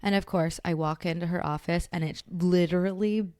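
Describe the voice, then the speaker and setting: A young pregnant woman co-hosting a casual chat, telling an animated story, acting out what people said and laughing often. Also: fairly low pitch, normal speed, smooth, dry recording, studio quality. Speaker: podcast co-host.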